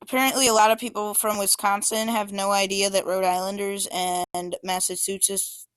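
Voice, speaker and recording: A woman's voice: medium pitch, level tone, moderate pace, fairly bright tone, clean tone, no echo. Casual hesitant woman presenting maps. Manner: informal, hesitant, many fillers. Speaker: student presenter.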